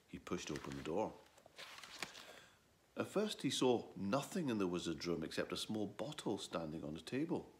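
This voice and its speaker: Man, low voice, lively swooping delivery, children's story reading.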